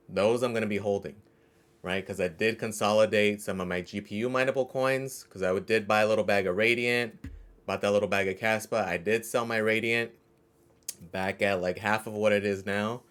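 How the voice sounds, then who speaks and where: A man's voice: lowish voice, a bit bright. A man hosting a crypto mining vlog, talking casually and conversationally, often tagging his sentences with "right?". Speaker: crypto mining channel host. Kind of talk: casual vlog talk to camera.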